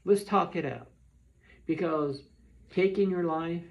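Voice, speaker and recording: A man's voice: a little high, normal speed, vocal fry. A man talking straight to his viewers in an earnest, pleading monologue, often repeating and restarting his words. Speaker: vlogger. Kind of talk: earnest direct-to-camera monologue. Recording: dull lo-fi sound.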